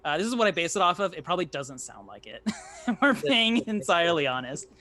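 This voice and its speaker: A man's voice: fairly high pitch, big pitch swings, fast talker, pushed and bright, a little hiss or hum. A man chatting casually about a tabletop game session, rambling with lots of restarts and filler words.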